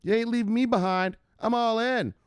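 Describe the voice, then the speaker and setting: A man's voice: extremely high pitch, steady tone, moderate pace, clean tone, no room sound, studio quality, voice pushed up. A man voicing a brash, swaggering woman who curses and talks street slang as she demands to be let in. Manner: loud, profane, slangy street talk.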